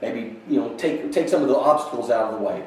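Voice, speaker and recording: A man's voice: mid-range voice, fast talker, slight background noise. A man teaching a church Bible class in a conversational way, often restarting his sentences and reading scripture aloud. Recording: echoey room from a distance.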